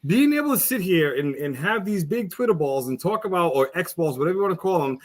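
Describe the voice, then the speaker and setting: A man's voice: high-pitched, expressive, quick pace, hardly any pauses. A man co-hosting a podcast, ranting with passion, blunt and profane. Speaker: podcast co-host. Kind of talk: casual podcast discussion.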